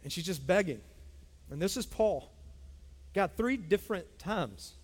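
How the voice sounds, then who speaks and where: A man's voice: high-pitched, lively intonation, unhurried, husky. Emphatic preaching man in a reverberant church. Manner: emphatic, repetitive preaching with audience call-outs. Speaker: pastor. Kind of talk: sermon. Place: church sanctuary. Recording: long hall reverb.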